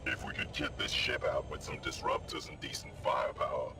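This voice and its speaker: An actor playing a gruff male spaceship crewmate in a video game, heard as distant game audio. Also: very deep voice, sing-song, fairly quick, full character voice. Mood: urgent. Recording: distant game audio over loud engine noise.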